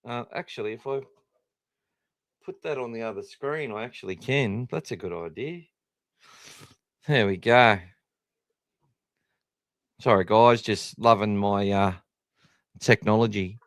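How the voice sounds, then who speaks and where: Australian male podcast host, casual and rambling, smooth clear voice, dry close recording. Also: lowish voice, a little slow, pauses often, fairly bright tone, no echo. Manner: chatty, rambling, self-deprecating. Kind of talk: casual live-stream chat.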